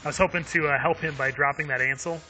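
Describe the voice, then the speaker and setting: Man live streaming a game, chatty, laughs often, very bright voice, slightly high. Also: steady tone, fast talker, faint music behind. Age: adult with young kids. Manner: chatty and upbeat, laughs often, many fillers. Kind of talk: live gameplay commentary.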